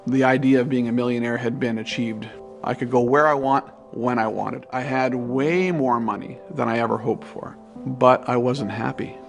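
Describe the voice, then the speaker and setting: A man's voice: mid-range voice, steady tone, moderate pace, creaky, soft background music. A middle-aged man giving an earnest, reflective personal testimony about his life. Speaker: testimony speaker.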